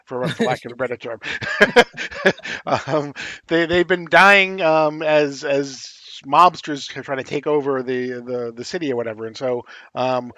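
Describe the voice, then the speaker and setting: A man co-hosting a casual comics podcast, talking in a halting way with many fillers and restarts. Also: fairly high pitch, pushed and bright, no room sound, lo-fi sound. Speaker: podcast co-host.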